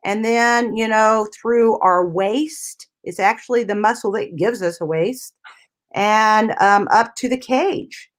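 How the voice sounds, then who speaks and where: A woman physical therapist guiding listeners through anatomy on a talk radio interview. Her voice sits in a middle pitch, and she talks in a patient, step-by-step way, often tagging on "you know" and "right?" as she explains. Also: takes it slowly.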